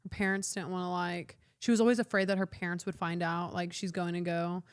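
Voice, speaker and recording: A woman guest on a stream, chatting casually and reacting with quick quips. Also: fairly low pitch, flat delivery, smooth, no room sound, clean studio sound. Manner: reactive, laughs and chimes in with quips. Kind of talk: casual chat.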